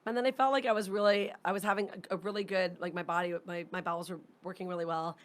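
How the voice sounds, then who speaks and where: A woman's voice: lowish voice, fairly even intonation, quick pace. Candid, laughing woman co-host. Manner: candid, rambling, laughs often. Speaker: podcast co-host. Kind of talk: casual comedic chat.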